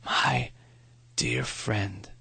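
A man voicing a frail, dying old male professor with a thin, raspy, whispery voice, speaking in short breathy bursts. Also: lowish voice, very animated, extremely slow, pushed and bright, no room sound, heavily acted. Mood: frail, tender.

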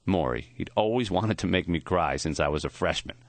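Deep-voiced male audiobook narrator. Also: fairly quick, no echo. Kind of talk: scripted narration.

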